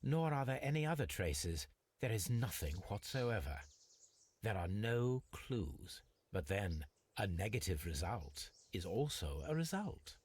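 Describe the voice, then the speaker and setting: An actor playing Sherlock Holmes, a composed, brilliant detective, speaking in a measured, formal, precise manner in a video game. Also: male voice, on the low side, very animated, darkish tone, a little hiss or hum. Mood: dry, intrigued.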